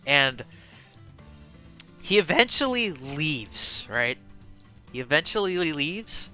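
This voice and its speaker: A young man streaming to a live chat, telling a casual, slangy and profane story, animated and excitable, swinging from mumbled asides to loud bursts. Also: a little high, slow, pauses often, clean tone, soft background music. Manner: slangy and profane, full of fillers.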